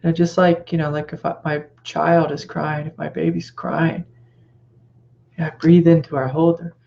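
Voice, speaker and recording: Gentle gravelly man teaching spirituality. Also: a little high, flat delivery, normal speed, highs cut off, a little hiss or hum. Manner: gentle, reflective, with soft whispered reassurances. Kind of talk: satsang teaching talk.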